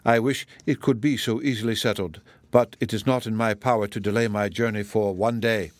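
A man's voice: lowish voice, fairly even intonation, a little fast, no room sound, lightly acted. A man voicing a grave, reserved middle-aged colonel who speaks formally and with restraint. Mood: restrained.

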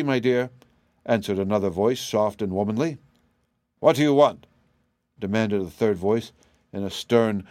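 Measured male audiobook narrator, dry. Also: on the low side, darkish tone, no echo.

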